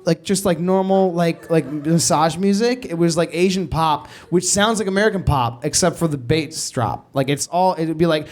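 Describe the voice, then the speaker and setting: A man's voice: high-pitched, normal speed, hardly any pauses. A man telling a comic story in a rambling, self-interrupting way, laughing as he goes. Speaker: comedian telling a story on a podcast. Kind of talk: stand-up style comic storytelling.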